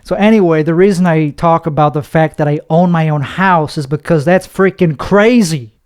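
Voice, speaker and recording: A man's voice: fairly high pitch, normal speed, darkish tone, clear, resonant tone. A young man hosting a solo podcast monologue, talking in an anxious, rambling way with heavy cursing. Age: young adult. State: nervous. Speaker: podcast host.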